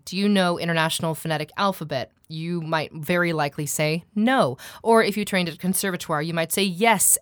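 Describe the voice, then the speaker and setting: A woman's voice: fairly low pitch, no room sound. Chatty woman, dry close sound. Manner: chatty, animated, many fillers and restarts. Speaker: accent and dialect coach. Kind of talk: conversational interview.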